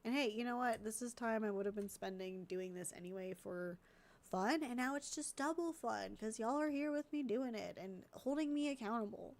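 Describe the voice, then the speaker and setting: A woman's voice: a little high, normal speed. A congested woman streamer chatting casually and thinking aloud while editing videos, easily distracted.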